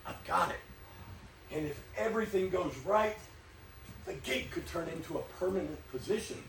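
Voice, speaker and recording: An actor playing a harried, desperate theater staffer who scolds with exasperated insistence, in a live stage play. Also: male voice, high voice, sharp tone, exaggerated voice. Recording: echoey stage, distant mic, faint hiss.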